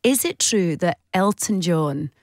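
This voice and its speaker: A woman's voice: on the low side, expressive, a little slow, darkish tone, dry recording, clean studio sound. A woman from Glasgow with a Scottish accent, hosting a radio interview, enthusiastic and playful in her questions. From Glasgow, Scotland. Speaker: radio host.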